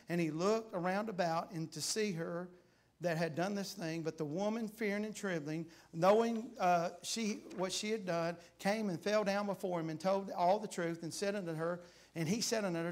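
A man preaching a sermon in a church with a high-pitched voice. He reads scripture in old-fashioned wording and builds fervently as he pleads. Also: normal speed. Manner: fervent, rising to shouts when pleading; reads scripture aloud in King James wording. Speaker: guest preacher. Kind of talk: revival preaching. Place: church sanctuary.

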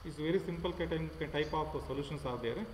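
A man with an Indian English accent teaching an online class, talking haltingly with many fillers and repeating himself. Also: on the high side, a little mellow, echoey room, big-room sound, slight background noise, poor audio. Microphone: computer mic without headphone.

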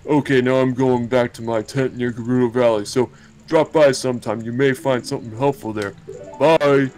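A man's voice: medium pitch, steady tone, normal speed, a little mellow, soft background music, natural voice, rough recording. A man doing a drunken carpenter. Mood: boisterous. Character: drunken male carpenter freed from a cell.

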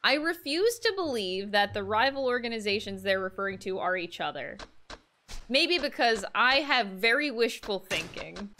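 A woman streaming a video game, chatting casually and excitably with her viewers and reacting out loud to the game. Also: medium pitch, slight background noise. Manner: excitable, talks fast to her chat, frequent exclamations. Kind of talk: casual gameplay commentary.

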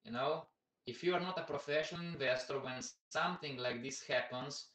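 A man's voice: mid-range voice, normal speed, a bit bright, distant mic. Chatty man talking markets in a roomy echo. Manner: chatty, repetitive, keeps addressing the audience as everybody. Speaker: investment educator hosting a live stream. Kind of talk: casual live-stream market commentary.

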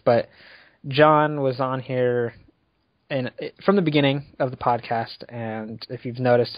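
A podcast host with a medium-pitched voice chats casually, rambling loosely with fillers and laughs between his thoughts in a relaxed way. His voice is captured close and dry, and the overall sound is dull and lo-fi.

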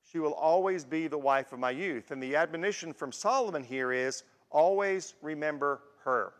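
A man's voice: a little high, moderate pace. A man in his sixties giving a conversational sermon as a guest preacher, telling personal stories to make his points. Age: 60s. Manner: warm storytelling with personal anecdotes. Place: church sanctuary. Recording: long church-hall reverb.

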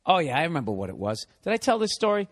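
A man's voice: a little high, racing. Profane, ranting male podcast host. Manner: profane, animated ranting storytelling. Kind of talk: comedic rant.

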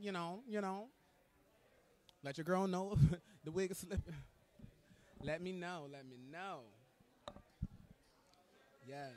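A man hosting live red carpet commentary from an indoor event, gushing, excitable and campy as he talks to his viewers. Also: high voice.

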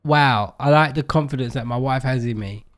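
A man's voice: medium pitch, moderate pace. A man hosting a casual video-game session, teasing his partner and laughing often. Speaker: gaming host.

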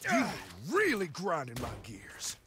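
An actor playing a wisecracking young gang leader who makes dry quips in a video game. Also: male voice, fairly high pitch, huge pitch swings, slow pace, background noise, heavily acted. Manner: dry quips and sound-effect jokes.

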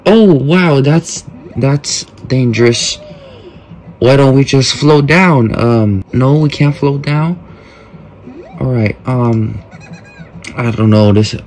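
A man's voice: mid-range voice, slow, pauses often, darkish tone, slight background noise. A man casually commenting on a mobile game, joking, mock-talking to kids and often trailing off mid-sentence. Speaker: gameplay host.

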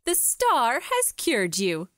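A woman doing a bossy, eager little schoolgirl for a storybook read-aloud, coaxing and dramatic. Her high voice leaps all over the place, and she takes her time with every line. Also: huge pitch swings, takes it slowly, fairly bright tone, no room sound, clean studio sound, full character voice. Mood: proud. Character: young schoolgirl, eager, bossy would-be star.

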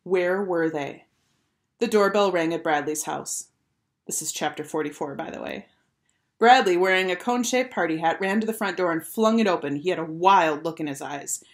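A woman teacher reading a children's chapter book aloud with clear, expressive storytelling. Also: on the low side, brisk.

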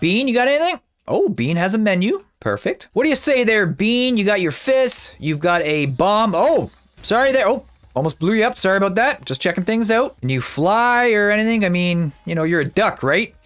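A man giving casual, excitable gameplay commentary as a YouTuber, chatty and thinking out loud. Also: high-pitched.

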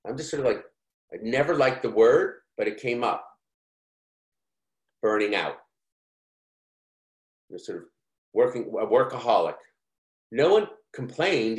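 Man, mid-pitched, casual storyteller for a course talk, echoey room. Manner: conversational, candid, frequent fillers. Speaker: course speaker. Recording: roomy echo.

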